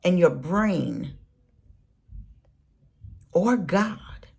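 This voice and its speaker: A woman delivering an impassioned, scolding political rant in a vlog, preaching and swinging between soft and loud. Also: on the low side, animated, very slow, creaky. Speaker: political commentary vlogger.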